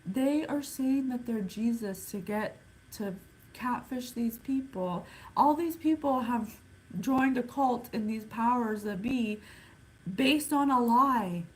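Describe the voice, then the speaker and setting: A woman with a fairly high voice gives a casual spirit reading to camera, musing and sighing as she thinks aloud. She speaks slowly and haltingly, counting things off one by one, on a low-quality recording.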